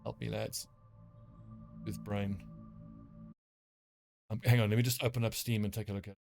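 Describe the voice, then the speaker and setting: A man's voice: on the low side, flat delivery, normal speed, gravelly, darkish tone, soft background music. A man with a South African accent, rambling and swearing casually as he streams a game. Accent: South African English. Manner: rambling, profane, self-mocking. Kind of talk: casual gameplay commentary.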